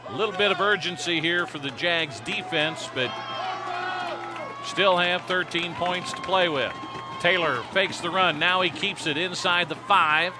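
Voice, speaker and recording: A man calling high school football play-by-play, brisk and rising to shouts on big plays. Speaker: play-by-play announcer. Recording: noisy outdoor stadium broadcast with crowd.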